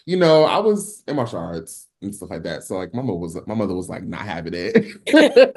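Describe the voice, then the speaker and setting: A man's voice: low-pitched, sing-song, fast talker, a little mellow. A man from New Jersey, a singer, talking casually and animatedly in an interview, with lots of fillers and restarts. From Newark, New Jersey. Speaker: guest singer.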